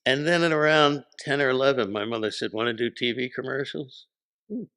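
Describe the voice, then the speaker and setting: A man, a podcast guest telling stories in animated casual chat, acting out the voices he quotes. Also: medium pitch, brisk, smooth. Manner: animated, acts out quoted voices, laughs often.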